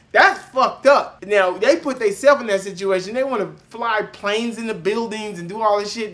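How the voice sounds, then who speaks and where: A young man doing loud, mocking reaction commentary, cursing and breaking into shouting laughs. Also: high-pitched. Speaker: reaction video host.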